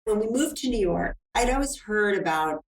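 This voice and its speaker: A woman's voice: mid-range voice, lively intonation, normal speed, a little hiss or hum. A middle-aged woman talking earnestly and reflectively in a casual interview. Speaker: film producer guest. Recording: roomy, distant mic.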